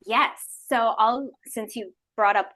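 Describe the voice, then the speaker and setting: A woman talking as a podcast guest in a casual interview, animated and fond of acting out people's inner voices. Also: fairly high pitch, slow.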